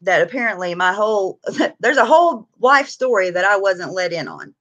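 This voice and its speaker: A woman's voice: medium pitch, very animated, normal speed, fairly bright tone. A tired woman talks casually on her live stream, greeting viewers one by one and chatting. She laughs easily and keeps a loose, gossipy tone.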